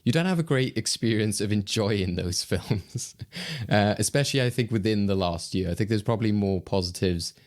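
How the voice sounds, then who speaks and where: Man, podcast host, low voice, jokey, laughs a lot, rambling, casual chat. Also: normal speed, a little mellow.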